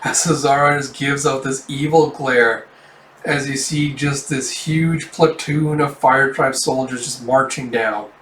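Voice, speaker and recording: A man's voice: medium pitch, fairly even intonation, unhurried, fairly bright tone. Chatty man reading a comic aloud. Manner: chatty, narrates with sound effects and laughs. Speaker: manga reader. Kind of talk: casual comic readthrough. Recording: roomy, distant mic, faint background noise.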